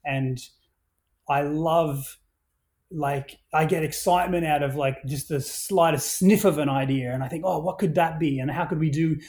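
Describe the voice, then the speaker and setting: An energetic man tells stories in a relaxed podcast chat. His voice sits a little high, and he swears freely and trips over restarts as the ideas pour out. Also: moderate pace.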